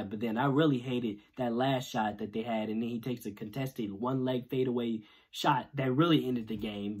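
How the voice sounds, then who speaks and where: A man hosting a sports video channel, ranting in a casual, irritated way after a loss, jumping between loud outbursts and low muttering. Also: husky. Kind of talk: casual post-game rant.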